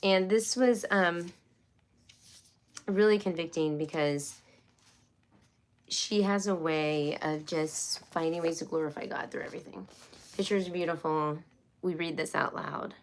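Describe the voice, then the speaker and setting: A woman's voice: fairly low pitch, unhurried, long pauses. A woman hosting a casual homeschool live stream, chatty and rambling, with many fillers and restarts. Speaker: homeschool livestream host.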